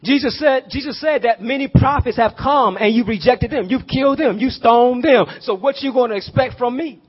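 High-voiced preacher man, lo-fi sound. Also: moderate pace, slightly rough. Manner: swings from hushed prayer to shouted emphasis; uses y'all and call-and-response questions. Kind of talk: sermon.

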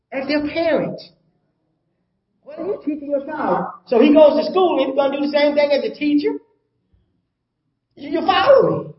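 A man's voice: very high voice, echoey room, muffled recording. An older man preaching a sermon as pastor, emphatic, repeating his points and asking the congregation rhetorical questions.

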